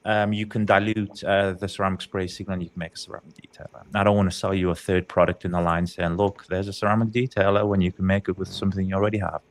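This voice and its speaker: British-sounding guy chatting on a podcast, kinda low voice, gushing. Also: little pitch movement, fast talker, few pauses. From not technically British. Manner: effusive, chatty, lots of fillers. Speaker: podcast guest, brand founder. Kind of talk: casual podcast chat.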